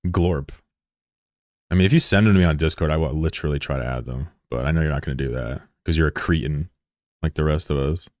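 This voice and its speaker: A man in his thirties from the United States, chatting casually on a live stream with swearing and sudden high yelps of surprise. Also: fast, dry recording, studio quality. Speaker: game streamer.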